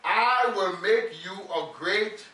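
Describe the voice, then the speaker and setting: In a church sanctuary before his congregation, a man preaches emphatically, leading the people to repeat phrases after him in call-and-response. His high-pitched voice is sharp and unhurried, picked up by a distant mic in a roomy hall.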